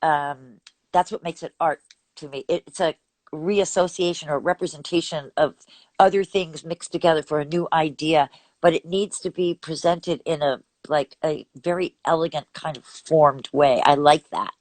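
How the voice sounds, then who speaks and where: A woman's voice: sits low, fairly even intonation, moderate pace, darkish tone, no room sound. An older woman from Texas, a vocal coach, chatting animatedly in an interview and laughing often as she explains technique. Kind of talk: casual interview chat.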